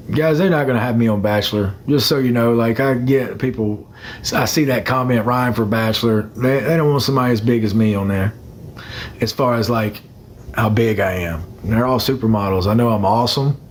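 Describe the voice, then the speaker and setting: A young man rambles casually on a phone livestream, calling out commenters by name as he greets them. His voice is medium-pitched and moves at a normal speed. Slight background noise is audible.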